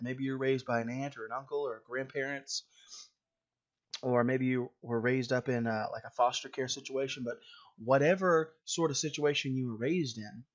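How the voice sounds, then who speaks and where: A man's voice: mid-range voice, fairly bright tone, lo-fi sound. A man preaching a sermon in a plain conversational way, with frequent fillers and restarts.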